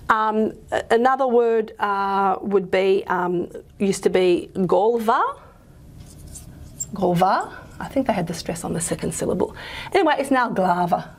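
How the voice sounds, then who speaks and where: A woman lecturing on linguistics in a loose, chatty way, full of fillers and quick self-corrections. Her voice is husky, with a gravelly edge at the ends of phrases. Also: mid-range voice, a little mellow. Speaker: university lecturer.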